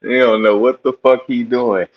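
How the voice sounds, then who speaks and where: A man's voice: mid-range voice, steady tone, moderate pace, highs cut off. A man co-hosting a casual podcast over a video call, teasing and laughing, swearing a lot. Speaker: podcast co-host.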